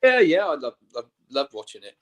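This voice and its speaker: A man's voice: medium pitch, big pitch swings, fairly quick, a bit bright. A man, a co-host giving brief, easygoing replies in casual chat.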